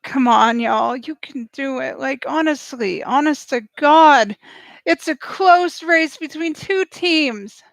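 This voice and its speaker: Woman, reaction vlogger, high voice, dry close sound, excitable and gushing. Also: slow, vocal fry, no echo, poor audio. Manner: excitable, gushing, talks straight to viewers. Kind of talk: live reaction commentary.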